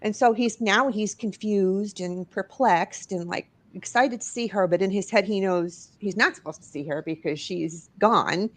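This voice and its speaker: In a studio, a middle-aged New York woman who is an author and paranormal investigator tells an emotional personal story as a guest. Her medium-pitched voice moves at a moderate pace with few pauses, and she's expressive, rising and dropping as she goes.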